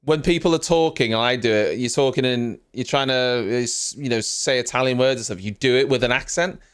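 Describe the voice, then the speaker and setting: A man's voice: medium pitch, fairly quick, fairly bright tone, clear, resonant tone. A man hosting a live stream, giving casual, rambling reaction commentary and often poking fun at himself. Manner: rambling, self-mocking, chatty.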